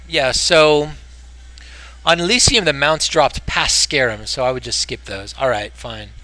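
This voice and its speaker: A man with an American accent chatting casually while streaming a game, rambling and then breaking into exasperated outbursts. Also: medium pitch. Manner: rambling, swings between mumbling and loud exasperated outbursts.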